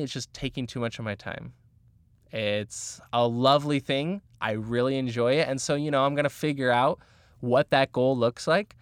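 A man's voice: mid-range voice, a bit bright, clear, resonant tone, no echo, studio quality. A man talking earnestly and casually, giving motivational advice about goals with frequent fillers. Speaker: motivational speaker.

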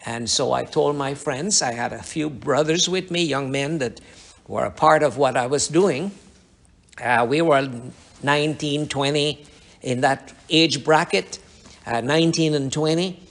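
A male preacher telling a story from the pulpit in a somewhat high voice. He rambles and circles back, repeating phrases as he builds his testimony. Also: unhurried, vocal fry, fairly bright tone. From Guyana. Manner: rambling, repetitive testimony with restarts. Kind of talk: sermon storytelling.

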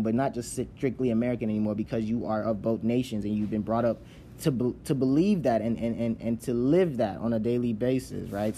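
A man's voice: mid-range voice, dark tone, slight background noise. Chatty Nigerian-born man explaining things. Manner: conversational, often checks in with "right?" and restarts sentences. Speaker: speaker on immigrant identity. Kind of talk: casual explanatory talk.

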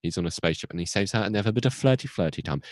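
Brief: young podcast guy, low voice with a big swooping range, goofy rambling recap, dry close sound. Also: animated, rapid-fire, darkish tone, no room sound. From United Kingdom. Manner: rambling, self-interrupting, acts out characters in goofy voices. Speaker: podcast co-host recapping an episode. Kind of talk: casual comic recap.

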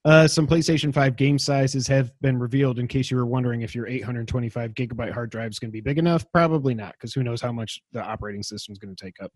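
A man's voice: medium pitch, fast, hardly any pauses, a little mellow, no room sound. Dry, chatty male podcast host. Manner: enthusiastic, rambling, self-deprecating. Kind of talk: casual gaming news chat.

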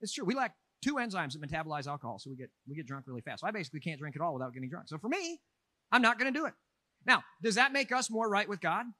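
A man delivering a Sunday sermon in a chatty, animated manner, mixing jokes into his points. His voice sits high and sounds bright and forceful. The recording is dry, with little room sound. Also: no room sound. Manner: animated, conversational preaching with asides and humor. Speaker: pastor.

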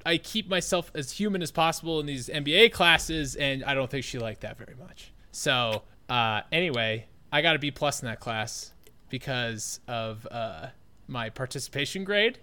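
A man in his late twenties telling a story in casual chat, animated and profane, with lots of "like" fillers. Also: mid-range voice, normal speed.

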